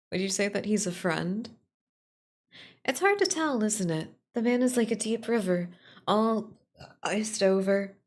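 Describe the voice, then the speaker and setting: A woman's voice: lowish voice, a little mellow, close to an everyday voice. A woman reading aloud as a female royal scholar who confides a plot to a friend, speaking fondly and wistfully.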